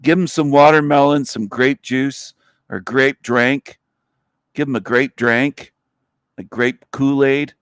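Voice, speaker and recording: Male livestream host, slow drawling delivery, mocking and crude, dry close mic. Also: medium pitch, steady tone, a bit bright, clear, resonant tone, no room sound. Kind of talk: casual livestream monologue.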